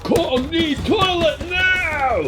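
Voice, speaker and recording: A man's voice: very high-pitched, very slow, over loud music, voice pushed up, exaggerated voice. A man doing a frantic, desperate giant ape. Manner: shouting, desperate. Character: big male ape in urgent need of a toilet.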